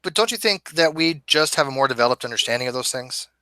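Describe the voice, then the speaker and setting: A man hosting a live online debate show, talking in an animated, emphatic and argumentative way. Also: medium pitch, quick pace, no room sound. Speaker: host. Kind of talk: casual debate chat.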